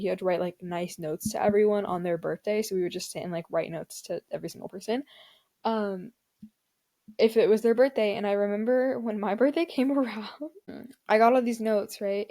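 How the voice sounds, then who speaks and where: A woman's voice: mid-range voice, mellow. Chatty young woman hosting a podcast. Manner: rambling, lots of "like" fillers, laughs often. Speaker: podcast host. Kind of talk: casual solo chat.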